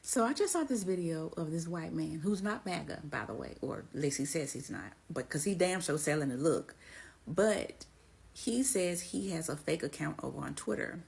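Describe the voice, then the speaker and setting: A woman with a husky, gravelly voice telling a story in a gossipy, sarcastic social media video. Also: sits low, expressive, moderate pace, darkish tone.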